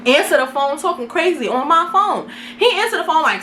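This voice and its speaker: This young Brooklyn, New York woman, a vlogger, delivers a laid-back storytime full of slang and self-mockery. Her high, sing-song voice is sharp in tone and a little fast, recorded in an echoey room with a little hiss or hum.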